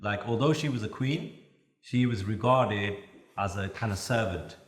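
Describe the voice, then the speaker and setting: A man giving a religious talk at a youth camp, telling stories in an animated way and chanting verses. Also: fairly low pitch, measured pace, roomy sound. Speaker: Sikh preacher.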